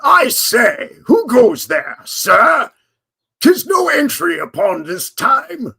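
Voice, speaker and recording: A man's voice: very high-pitched, very animated, takes it slowly, creaky, sharp tone, pitched above the performer's own voice, exaggerated voice. A man putting on a pompous British gate guard with old-fashioned exclamations. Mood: haughty.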